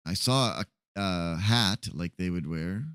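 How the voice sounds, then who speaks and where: A man's voice: deep voice, slow pace, a bit bright, smooth, dry recording, studio quality. A man streaming a roleplay game, chatting casually and animatedly to his viewers, laughing often.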